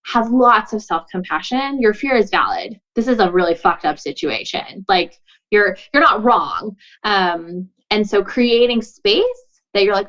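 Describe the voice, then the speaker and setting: A woman talks through advice in an earnest, chatty way, with plenty of likes and you knows. She slips into quick acted-out snippets of dialogue. The recording sounds a little dull and lo-fi. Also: medium pitch, fairly bright tone. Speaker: podcast guest, boundaries coach. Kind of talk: casual conversational advice.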